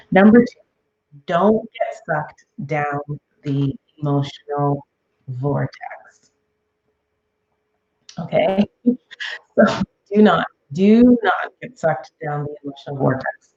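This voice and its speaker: A woman's voice: sits low, darkish tone, dull audio. A middle-aged woman hosting a parenting podcast, giving casual advice with lots of "okay?" and "um". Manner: chatty, frequent "okay?" and "um" check-ins.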